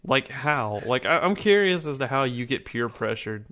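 Lively teasing man on a podcast. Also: medium pitch. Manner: teasing, quick questions and jokes. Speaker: podcast co-host. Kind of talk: casual chat.

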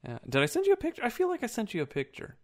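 A man's voice: very high voice, huge pitch swings, racing. A man co-hosting a podcast in loose, profane casual chat, laughing often. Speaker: podcast co-host.

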